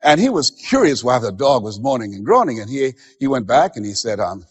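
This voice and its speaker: A man's voice: mid-range voice, very animated, fairly quick, hardly any pauses, husky, big-room sound. A man giving a motivational seminar speech, with emphatic, preacher-like delivery that acts out the voices of others. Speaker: motivational speaker.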